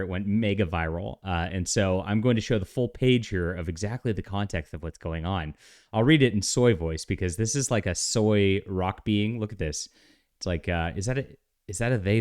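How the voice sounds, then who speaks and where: A man hosting a comic book commentary vlog, animated and sarcastic, laughing often. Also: deep voice. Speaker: vlogger and comic book author.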